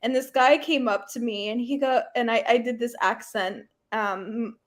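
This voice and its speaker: High-voiced giggly woman. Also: moderate pace. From Nebraska, USA. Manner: giggly, chatty, snorting laughs. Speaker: co-host of a live tarot and reading stream. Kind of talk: casual live-stream chat.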